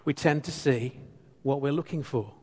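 A man's voice: medium pitch, moderate pace, darkish tone, slightly rough, long reverb tail. A man in his fifties, a pastor preaching a sermon, playful and teasing with the congregation and repeating phrases for emphasis. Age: 50s.

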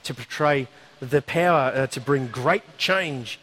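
A man preaching a sermon, telling a story in a conversational, animated way with asides. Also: mid-range voice, slow pace.

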